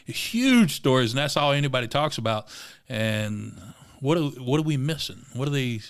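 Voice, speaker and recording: A man's voice: medium pitch, lively intonation, moderate pace, clean tone. A man co-hosting a podcast in casual chat, opinionated, talking in bursts with fillers. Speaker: podcast co-host.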